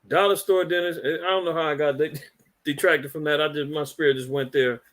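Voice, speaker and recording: A man's voice: fairly high pitch, steady tone, a little fast, fairly bright tone. A man hosting a religious commentary podcast, talking in an indignant, preachy way and rambling with repeated words. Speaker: podcast host.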